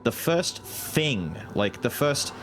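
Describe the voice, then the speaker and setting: Animated swearing male streamer. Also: medium pitch, slow pace, slight background noise. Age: 30s. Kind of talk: casual gaming commentary.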